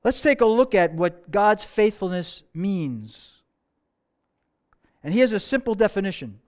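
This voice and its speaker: A man with a high, smooth voice preaching a sermon. He tells a story with slow, dramatic pauses and often sinks into a softer tone for emphasis. Earnest pulpit storytelling with a clear, resonant sound. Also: sing-song. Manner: slow dramatic pauses, dropping to soft tones.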